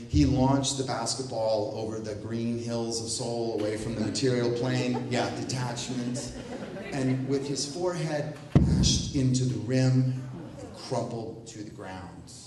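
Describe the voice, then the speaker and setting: Male storyteller for a live comic piece, lively delivery with wry asides, recorded from a distance in a very echoey room. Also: medium pitch. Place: event room at a library.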